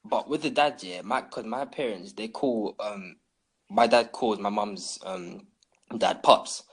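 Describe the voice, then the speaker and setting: A man's voice: lowish voice, takes it slowly, slightly rough. A young man, co-hosting a casual podcast and telling stories with laughter and some hesitation. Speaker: podcast co-host. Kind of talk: casual chat.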